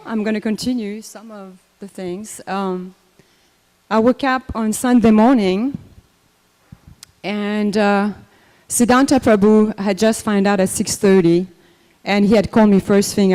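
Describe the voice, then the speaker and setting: Older lady telling memories at a memorial, mellow voice, lots of ums, echoey temple hall. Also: mid-range voice. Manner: unhurried, conversational, many fillers and restarts. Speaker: memorial speaker. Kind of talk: personal memorial talk.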